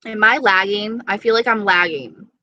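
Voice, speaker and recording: A woman's voice: medium pitch, moderate pace, bright, forceful tone, no room sound, dull audio. Chatty young woman on a live stream. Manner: chatty, gushing, dramatic. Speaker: vlogger chatting with live viewers. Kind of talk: casual live-stream chat.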